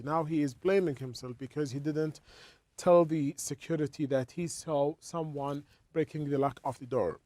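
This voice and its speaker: A man walks students through English grammar, restarting phrases and repeating small words. His voice sits a little high, and the recording is dry and close with no room sound. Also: no room sound. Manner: halting, repeats words while explaining. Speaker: English teacher. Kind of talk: explaining a textbook lesson.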